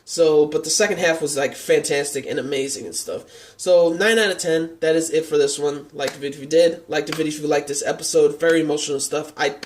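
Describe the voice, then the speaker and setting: A man with a slightly higher-than-usual voice talks through an anime episode in a loose, chatty review. He rambles and leans on fillers as he retells scenes, earnest and openly touched. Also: a little fast, slight background noise. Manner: rambling, heavy on "like" and "and stuff" fillers. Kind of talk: casual episode review vlog.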